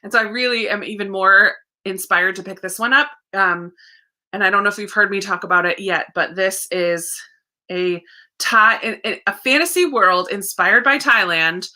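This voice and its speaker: A young adult woman hosting a casual livestream, chatting warmly and reading out viewer comments, laughing often. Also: medium pitch, measured pace. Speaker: livestream host.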